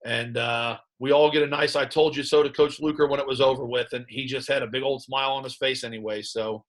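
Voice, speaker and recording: A man who coaches high school football, breaking down game film in conversation and telling animated stories about his players and staff. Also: brisk. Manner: animated storyteller recounting sideline moments; plain coaching talk about play calls.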